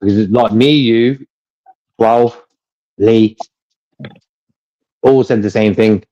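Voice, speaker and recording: Male co-host, casual rambling chat, mellow tone, lo-fi muffled audio. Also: lowish voice, steady tone, takes it slowly. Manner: rambling, repeats himself, laughs often. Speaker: co-host of a fan livestream.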